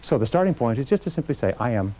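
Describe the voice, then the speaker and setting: A man's voice: medium pitch, expressive, rapid-fire. A man giving an emphatic motivational seminar talk to a live audience, acting out quotes as he goes. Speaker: motivational speaker. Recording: dull lo-fi recording.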